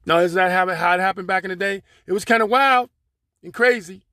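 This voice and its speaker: Brisk and forceful, this high-pitched, bright male voice comes through at studio quality with no echo. He's a Pittsburgh podcast host going solo from his car, rambling in a streetwise, profane way with plenty of fillers.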